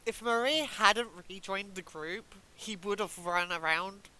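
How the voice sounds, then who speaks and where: Bright-voiced woman running a tabletop game. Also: mid-range voice, a little slow, rough recording. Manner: casual, laughing, describes scenes loosely. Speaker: game master. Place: home, streamed live.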